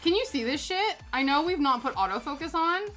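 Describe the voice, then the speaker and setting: A British woman chats casually through a livestream, reacting to messages with plenty of laughter. Her voice sits a little high and has a crisp, bright edge. Quiet music plays faintly behind her. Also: lively intonation, a little fast. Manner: chatty, reacts aloud to chat with frequent laughter. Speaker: streamer. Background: faint background music.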